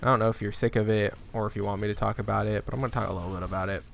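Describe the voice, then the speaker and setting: A man's voice: lowish voice, fairly even intonation, racing, gravelly, a little hiss or hum. A young man giving laid-back, chatty commentary while playing a game. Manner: chatty, laid-back, loose asides with laughs. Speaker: gaming streamer. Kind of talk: casual gameplay commentary.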